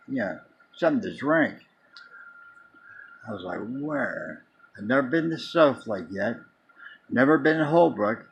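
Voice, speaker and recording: A man's voice: medium pitch, creaky, a bit bright, slightly rough, low-quality recording. A man casually telling a long personal story in a rambling way, restarting and repeating words as he goes. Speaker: vlogger.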